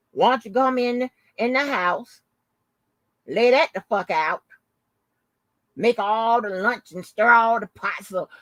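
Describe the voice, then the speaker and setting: A woman hosting her own channel, telling a story in a casual, animated, profane and mocking way. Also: medium pitch, dry recording. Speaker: channel host. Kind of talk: casual live-stream commentary.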